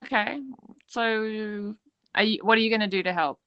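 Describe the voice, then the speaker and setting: A woman's voice: mid-range voice, steady tone, moderate pace, smooth, dry recording, dull audio. A woman playing a tabletop game, speaking in character in a pointed, questioning way. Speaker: player. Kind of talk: tabletop game role-play.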